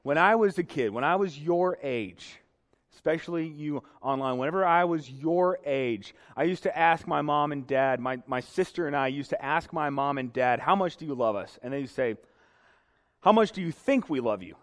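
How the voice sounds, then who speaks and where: A man's voice: fairly high pitch, normal speed. A young man preaching a sermon to a congregation, earnest and emotional. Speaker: pastor. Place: church sanctuary. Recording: reverberant hall.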